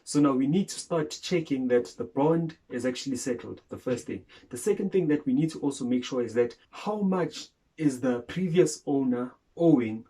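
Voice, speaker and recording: A man's voice: medium pitch, expressive, moderate pace, few pauses, mellow, husky, rough recording. A man from South Africa co-hosting a casual chat, explaining property transfers point by point and leaning on "actually" and "so now.". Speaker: co-host.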